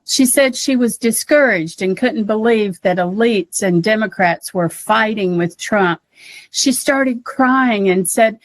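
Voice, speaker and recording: A woman's voice: mid-range voice, slow, dry recording. An American woman co-hosting a political talk podcast, speaking emotionally and near tears. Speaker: podcast co-host. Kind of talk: casual political chat.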